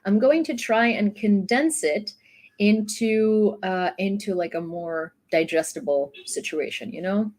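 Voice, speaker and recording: A woman's voice: medium pitch, measured pace, a little mellow. A young woman from Ukraine, chatting loosely through a news recap with fillers and restarts. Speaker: YouTube news host. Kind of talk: casual news commentary.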